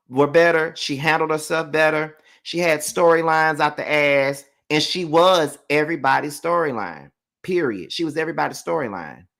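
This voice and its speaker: A man's voice: a little high, bright, forceful tone. A man casually reviewing a reality show on his channel and grading each cast member. He talks loosely and bluntly, with plenty of ums. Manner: loose and chatty, hands out grades with frequent ums; blunt, candid opinions. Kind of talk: casual live review commentary.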